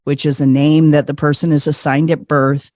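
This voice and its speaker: A man telling a personal story as a podcast guest, animated, laughing often and acting out the voices of people he quotes. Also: on the high side, normal speed, no room sound, studio quality. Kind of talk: conversational storytelling.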